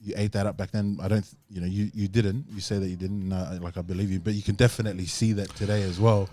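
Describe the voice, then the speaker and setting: A man's voice: deep voice, flat delivery, fast talker, warm tone, dry recording. A man hosting a podcast, chatting casually with many fillers and laughs as he tells a story. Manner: rambling, laughing, full of fillers. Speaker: podcast host. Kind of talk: casual chat. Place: podcast studio.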